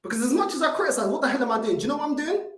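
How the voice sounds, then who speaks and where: A man with a London accent hosting a heated live stream, confrontational and swearing freely. His pitch swings widely as he argues. The sound bounces around an echoey room. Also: expressive, rapid-fire. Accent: London English. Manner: confrontational, swearing, repeats himself. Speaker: fan channel host.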